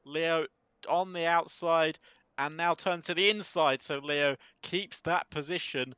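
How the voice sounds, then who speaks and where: Bright, crisp male race commentator. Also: a little high, fairly even intonation, no room sound. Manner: brisk play-by-play calling. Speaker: sim racing lead commentator.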